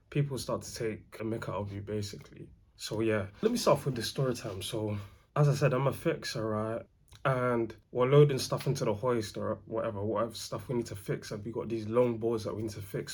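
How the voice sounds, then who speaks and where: A young man tells a work story in loose, slangy bursts. His voice is husky and sits at an ordinary pitch. He rambles, restarts and gets animated as he goes. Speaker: vlogger. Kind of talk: casual storytime.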